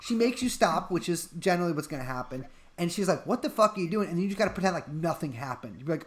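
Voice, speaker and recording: A man's voice: high-pitched, big pitch swings, fast talker, a little hiss or hum. A man co-hosting a live-stream chat, rambling through an absurd bit of mock-serious advice. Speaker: podcast co-host.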